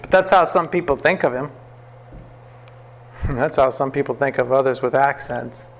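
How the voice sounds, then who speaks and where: A man teaching a classroom Bible lesson, telling the story in a lively way, acting out the quotes and often laughing. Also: mid-range voice, normal speed, slight background noise.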